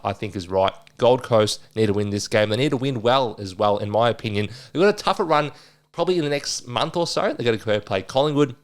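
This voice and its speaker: A man hosting a casual sports betting preview, chatty and excitable, correcting himself with quick asides. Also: medium pitch. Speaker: sports tipping podcast host.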